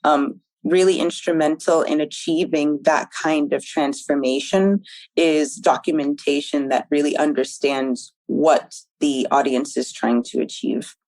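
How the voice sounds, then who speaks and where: Low-pitched woman on a podcast, measured answers, lots of ums, dry sound. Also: steady tone, a little mellow, dry recording, rough recording. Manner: thoughtful, measured, with frequent ums. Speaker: podcast guest, documentation manager.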